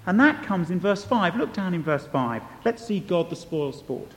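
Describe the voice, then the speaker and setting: Emphatic preacher, high lively voice. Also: male voice, moderate pace, hardly any pauses, reverberant, big-room sound. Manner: earnest, emphatic, questioning the listener. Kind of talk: sermon.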